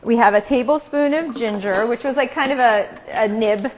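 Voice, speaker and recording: Woman, relaxed kitchen chat, storytelling, faint background noise. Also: fairly high pitch, normal speed. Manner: chatty, relaxed storytelling while cooking. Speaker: cooking show host. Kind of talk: casual cooking show chat.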